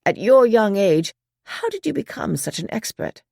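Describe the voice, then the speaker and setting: A woman reading an audiobook, voicing a thin middle-aged British man with a British accent who speaks in a polite, well-modulated, measured way. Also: medium pitch, sing-song, vocal fry, darkish tone, no echo, studio quality, voice pushed up. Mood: courteous.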